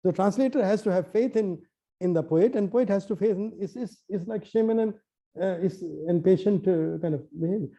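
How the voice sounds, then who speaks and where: Talkative poet guy, slightly high pitch, acts out the voices, kinda muffled recording. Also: fairly quick. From Nepal. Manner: lively, acts out quoted dialogue, many restarts. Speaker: poet and translator. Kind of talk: animated storytelling in conversation.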